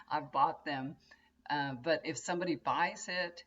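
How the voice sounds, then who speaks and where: A woman's voice: low-pitched, slow, fairly bright tone, muffled recording. An older woman, chatting casually to camera from her bedroom in a rambling, storytelling way. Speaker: tarot reader and vlogger. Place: bedroom at home, indoors.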